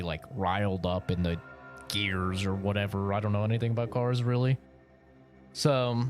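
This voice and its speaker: Young male streamer, rambling slangy storyteller, faint background music. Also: on the low side. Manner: rambling, laughing, slangy with lots of fillers. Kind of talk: casual storytelling while streaming.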